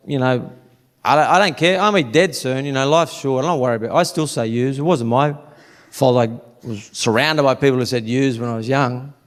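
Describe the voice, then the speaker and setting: A man's voice: medium pitch, fairly quick. An Australian man doing a stand-up comedy routine, telling a brash, profane story and acting out what people said. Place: live comedy venue. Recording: echoey venue with audience laughter. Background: audience laughing.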